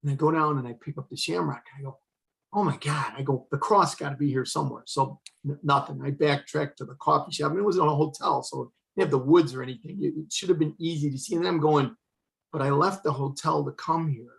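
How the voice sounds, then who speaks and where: An older man, a retired fire chief, shares a personal story as an interview guest, speaking in a fairly high, gravelly voice at a slightly quick pace. He's earnest and acts out the dialogue he quotes in this emotional, conversational storytelling. The audio quality is poor.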